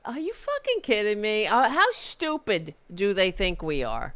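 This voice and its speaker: A woman's voice: medium pitch, huge pitch swings, unhurried, few pauses, a bit bright, faint music behind. A woman vlogger ranting sarcastically and profanely about politics from her desktop streaming setup.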